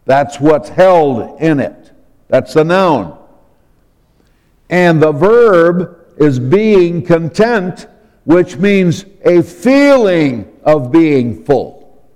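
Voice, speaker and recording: A man delivers a sermon at an unhurried, measured pace, his voice sitting a little above the usual pitch for a man. He explains his points deliberately and spells words out letter by letter. His voice trails off into the long reverb of a large hall. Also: sing-song, darkish tone. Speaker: preacher.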